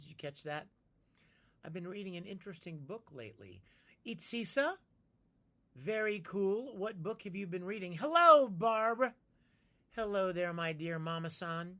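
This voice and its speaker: A man chatting casually with his live-stream viewers, playfully greeting each one by name with bursts of excitement. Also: high voice.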